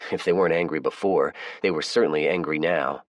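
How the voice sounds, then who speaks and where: A man with a very deep voice reads a first-person audiobook in a measured, even manner. The sound is dry and close, with no room echo. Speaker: audiobook narrator.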